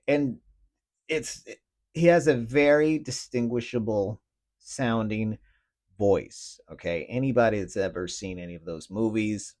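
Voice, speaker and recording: A man's voice: fairly low pitch, unhurried, a little mellow. A man hosting his own podcast in a casual solo rant, griping with lots of swearing and bursts of laughter. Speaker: podcast host.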